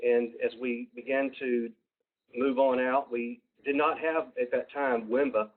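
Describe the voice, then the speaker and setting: A man with a Southern US accent presenting a webinar, folksy and halting with many fillers and restarts. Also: mid-range voice, flat delivery. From Georgia, US. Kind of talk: presenting a webinar over slides. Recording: tinny phone-like line.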